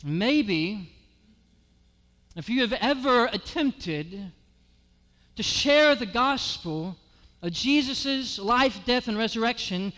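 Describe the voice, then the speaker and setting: High bright-voiced preacher in a reverberant hall. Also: male voice, expressive, slow pace, long pauses. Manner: storytelling, builds to raised emphatic delivery. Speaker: guest preacher. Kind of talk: sermon with personal story. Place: church sanctuary.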